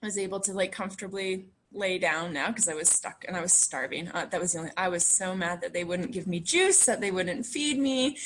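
A woman's voice: fairly low pitch, fairly quick, few pauses, a bit bright, slight background noise. A woman in her thirties telling a story about giving birth to her twins in casual conversation. She talks in a chatty way, laughs often and acts out the voices of the people she quotes.

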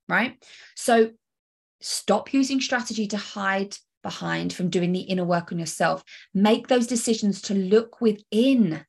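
A woman's voice: mid-range voice, moderate pace, creaky. A woman hosting a solo coaching podcast, talking energetically and emphatically straight to the listener. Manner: energetic, emphatic, direct address with rhetorical questions.

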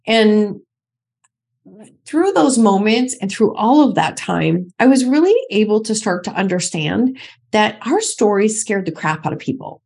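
A middle-aged woman speaks candidly as a podcast guest, her voice gravelly with a husky edge. She tells her story emphatically and keeps circling back to the same phrases to drive a point home. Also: medium pitch, expressive, normal speed, a little mellow. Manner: emphatic, repeats phrases for stress.

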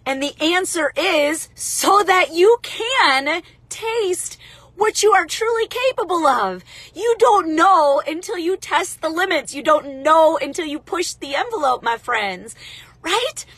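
A woman in her thirties hosting a casual motivational talk, chatty and direct with viewers, congested from allergies and clearing her throat. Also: extremely high pitch, lively intonation, slow, a bit bright, no room sound. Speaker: motivational livestream host.

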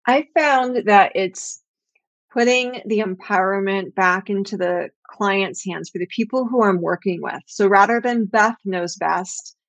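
A woman's voice: medium pitch, measured pace, dry recording. A middle-aged woman Pilates teacher giving earnest, explanatory interview answers. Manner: earnest, explanatory, acts out quoted voices.

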